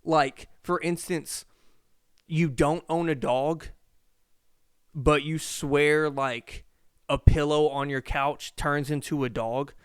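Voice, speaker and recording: A young man with a slight lisp hosts his own podcast in a loose, rambling way. He keeps asking himself questions and swearing casually. His voice sits a little high and sounds very smooth and crisp, recorded dry and close. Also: fairly even intonation, takes it slowly, no echo. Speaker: podcast host.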